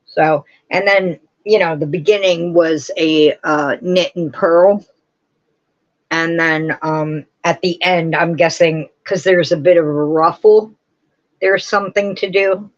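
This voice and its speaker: A woman hosts a relaxed crafting livestream, drifting from one thought to the next and stopping to answer viewers' comments. She talks slowly and unhurriedly. The audio is dull and lo-fi. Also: on the low side. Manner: rambling, chatty, answers chat comments. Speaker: host of a live crafting stream. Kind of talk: casual chat with live viewers.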